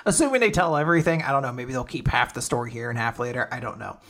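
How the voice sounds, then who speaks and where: A male podcast host recapping manga chapters in casual chat, animated and profane, laughing often. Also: mid-range voice, fast talker.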